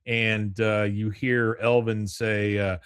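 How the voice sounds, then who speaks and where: A man's voice: lowish voice, flat delivery, slow pace, a bit bright, smooth, no echo. Guy retelling a cartoon episode scene by scene, dry close sound. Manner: retells scenes, acting out character lines. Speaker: podcast host. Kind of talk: casual podcast recap.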